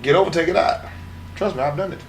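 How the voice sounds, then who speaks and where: A man's voice: a little high, fast talker, a little hiss or hum. A middle-aged man in a sit-down interview, telling brash and profane stories from his wrestling years and acting out what others said. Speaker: retired wrestler being interviewed. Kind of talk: profane shoot-interview storytelling.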